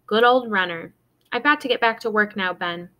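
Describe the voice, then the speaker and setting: A woman's voice: mid-range voice, normal speed, fairly bright tone, close to an everyday voice. Brief: earnest, anxious young boy in a storybook, as a woman reads him. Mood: resigned.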